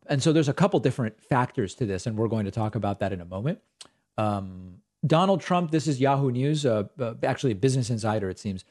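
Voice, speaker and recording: A male host delivers political commentary in a relaxed, conversational way, often sliding into sarcastic remarks. His voice sits at an ordinary middle pitch, and his delivery is loose and full of asides as he reacts to the news. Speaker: political talk show host.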